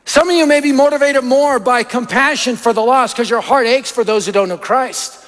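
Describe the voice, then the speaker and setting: A man preaching a sermon in a very high voice. He tells stories and drives his points home with short, punchy lists. The sound carries a long hall reverb. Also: normal speed. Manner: animated, anecdotal, punchy lists. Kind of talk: sermon with storytelling. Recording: echoey hall.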